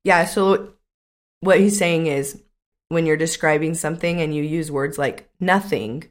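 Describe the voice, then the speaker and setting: Chatty woman coach, lower voice. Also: measured pace. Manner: chatty, uses many "like" fillers. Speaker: podcast co-host and coach. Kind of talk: casual chat.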